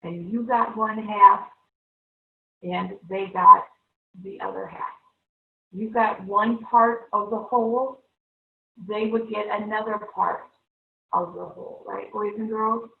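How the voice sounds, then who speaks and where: A woman's voice: medium pitch, fairly even intonation, slow, gravelly, pauses often. A woman teaching a televised math lesson to young students, upbeat and coaxing, constantly checking in with the class. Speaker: third-grade teacher. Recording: echoey room, far-off, thin phone-like sound.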